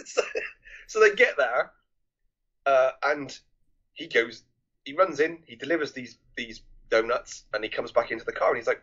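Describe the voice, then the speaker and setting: A man's voice: mid-range voice, normal speed, a bit bright, husky. Rambling man reviewing films, dull lo-fi audio. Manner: rambling, many restarts and fillers, swears freely. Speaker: podcast co-host. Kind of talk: casual film review chat.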